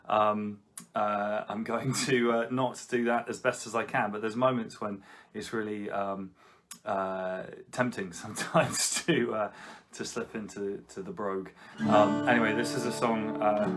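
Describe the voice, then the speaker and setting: Soft-spoken, hesitant male musician. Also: lowish voice. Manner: hesitant, full of ums and uhs, soft-spoken. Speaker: musician playing a live-streamed set. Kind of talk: casual chat to a live-stream audience. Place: at home in front of a computer. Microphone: live-streaming setup. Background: guitar.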